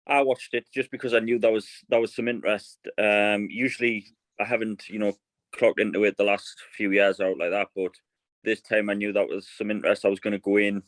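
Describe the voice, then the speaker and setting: Chatty man, low dry voice. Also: fairly even intonation, a little fast, no room sound, low-quality recording. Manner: chatty storyteller, many restarts. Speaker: guest, fast bowler. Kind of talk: casual podcast chat.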